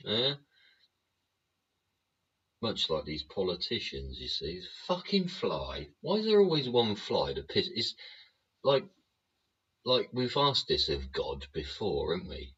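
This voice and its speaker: A man's voice: low-pitched, wildly swooping pitch, unhurried, pauses often, fairly bright tone, slightly rough. A man hosting his own show, delivering a profane political rant full of swearing and tag questions. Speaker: show host. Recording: dull lo-fi sound.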